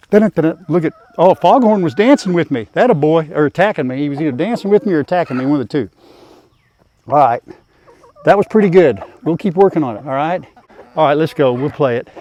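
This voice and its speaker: An older man vlogs from his farm, standing in the chicken coop outdoors and talking easily to both his birds and his audience in a folksy country drawl. His voice is a little high with a darkish tone.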